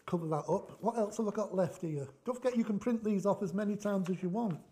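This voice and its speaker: A man's voice: high voice, quick pace, warm tone. A middle-aged man hosting a chatty craft tutorial, joking and thinking aloud as he works. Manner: jokey, rambling, thinks aloud. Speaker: craft demonstration host.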